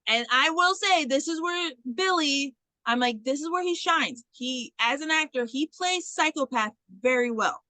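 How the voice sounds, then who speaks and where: A woman with a bright, clear voice chats casually as a podcast co-host, retelling a film scene by scene. She slips into quick impressions of the characters and swears freely. The sound is close and dry, with no room around it. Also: sits high, dry recording, rough recording. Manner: animated storytelling, acts out characters' lines, swears casually. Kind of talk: casual chat recapping a movie.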